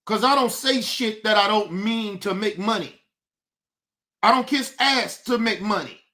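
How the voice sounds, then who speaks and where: A man's voice: high voice, unhurried, pushed and bright. A male streamer hosting his show, ranting in a profane, combative and taunting way. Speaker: host. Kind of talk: livestream commentary rant.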